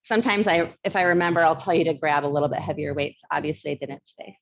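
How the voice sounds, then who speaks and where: A woman instructor leading a barre fitness class, chatty and quick to laugh, counting down reps, with a slight lisp. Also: low voice, gravelly, lo-fi sound. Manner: mild lisp from new aligners.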